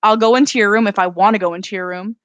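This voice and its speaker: A strained, controlling mother in a storybook scene, read by a woman, firm and defensive as she holds her ground. The voice has a middle pitch and the sound is dry and close. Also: steady tone, rapid-fire, no room sound, lightly acted. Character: worried, controlling single mother.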